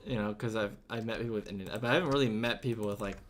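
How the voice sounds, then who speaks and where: A man's voice: on the low side, racing, a little hiss or hum. A young man chatting casually on a game stream, rambling through answers to chat with lots of fillers and restarts.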